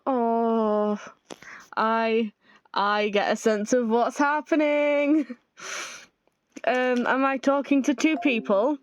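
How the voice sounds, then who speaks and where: A woman's voice: a little high, slow, smooth, no echo, highs cut off. Woman reading a game aloud. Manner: reads text aloud with her own comments and laughs. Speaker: gamer reading a visual novel aloud. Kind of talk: playthrough narration voicing every character.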